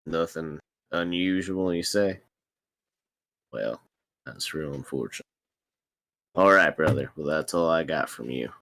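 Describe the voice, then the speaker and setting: A man putting on a slow Southern American drawl as his adventurer character in a tabletop game. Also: a bit bright, heavily acted. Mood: folksy. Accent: put-on American Southern. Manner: slow, folksy drawl with swings in pitch.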